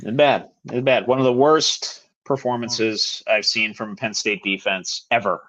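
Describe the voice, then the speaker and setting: A man's voice: lowish voice, fairly even intonation, unhurried, a bit bright, rough recording. A young man co-hosting a sports podcast, bluntly breaking down a football game in casual chat. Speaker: podcast co-host.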